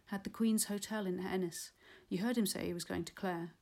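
A woman's voice: fairly even intonation, fairly quick, gravelly, darkish tone, lightly acted. A woman reading the lines of a confiding male mourner in an audiobook. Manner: confiding, low-voiced. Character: hushed male mourner sharing gossip.

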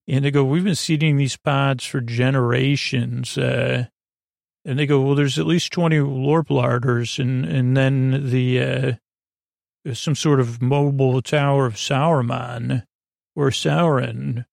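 Guy rambling through a tv recap, gravelly voice, lots of uhs, dry deadpan delivery, no room echo. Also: medium pitch. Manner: rambling, halting, full of fillers and restarts; dry, offhand retelling of scenes with quoted lines. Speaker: podcast host. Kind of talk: comedic episode recap.

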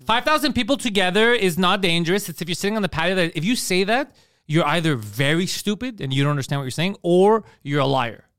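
A man's voice: sits high, expressive, fast, a bit bright, clean tone, no echo, studio quality. A man hosting a casual comedy podcast who rants bluntly and profanely and acts out other people's voices.

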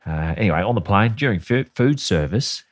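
A man with a fairly low, expressive voice talks briskly while co-hosting a laid-back comedy podcast. Captured with clean studio sound and no room sound, he spins a sweary, sardonic story and reads quotes out loud.

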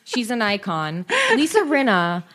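A woman in casual conversation as a co-host, her voice at an ordinary pitch but moving lively up and down. She mostly chimes in with quick agreements and short asides. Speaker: podcast co-host. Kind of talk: casual chat.

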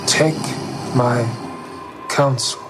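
An actor playing a calm man giving firm advice in a measured, insistent way, with a music score behind him. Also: mid-range voice. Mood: counseling.

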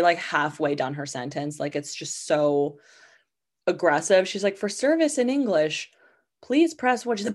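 Chatty woman podcaster, slightly low. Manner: rambling, chatty, heavy use of "like" fillers. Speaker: podcast host. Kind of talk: casual storytelling monologue.

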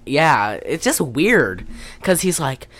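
A young woman with a lowish voice chats loosely about a movie, swearing freely and slipping into quoted lines. Her pitch swings widely as she tells it. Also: sing-song, slow, a bit bright. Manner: rambling, profane, acts out quotes. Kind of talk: casual chat recapping a movie.

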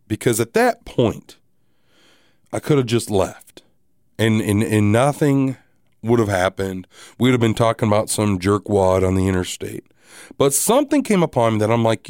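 A married man hosting a podcast, telling a story casually in a rambling, animated way with many restarts and asides. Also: fairly low pitch, no room sound, clean studio sound. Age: adult, married. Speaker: podcast host.

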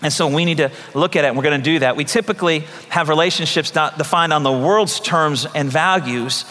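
A man's voice: a little high, brisk, sharp tone, long reverb tail. A man preaching a sermon as pastor, talking in a conversational way with repeated phrases and acted-out voices.

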